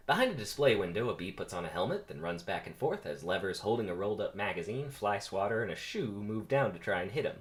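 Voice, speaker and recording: A man's voice: lowish voice, big pitch swings, fast talker, hardly any pauses. A man casually reading stage directions aloud on a first, unrehearsed read. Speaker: script reader.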